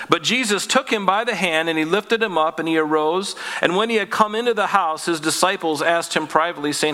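Male pastor, chatty Bible teaching with rhetorical questions, a bit high-pitched, long hall reverb. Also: moderate pace, bright, forceful tone. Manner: conversational, with joking asides and rhetorical questions.

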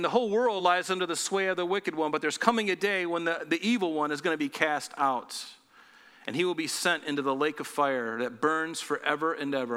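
Bright-voiced preacher in a reverberant hall. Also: male voice, on the high side, smooth. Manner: animated preaching with rhetorical questions. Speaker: pastor. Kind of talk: sermon.

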